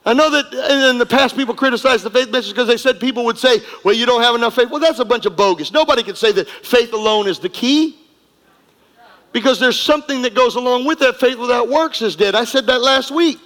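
A man's voice: very high-pitched, brisk, a bit bright. A man preaching a sermon as pastor, emphatic and repetitive, leading the congregation in call-and-response. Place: church sanctuary. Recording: long hall reverb.

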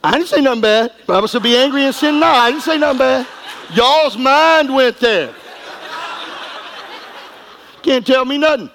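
A middle-aged man preaching a sermon, folksy and emphatic, going from quiet asides to shouting. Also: very high voice, moderate pace, pauses often, slight background noise, rough recording. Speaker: pastor.

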